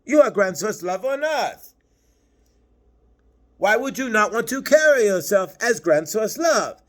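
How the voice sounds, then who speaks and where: A man's voice: sits high, sing-song, a little slow, a bit bright, exaggerated voice. A man channeling a patient, preachy male spirit master, lecturing through earnest rhetorical questions. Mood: earnest, urging.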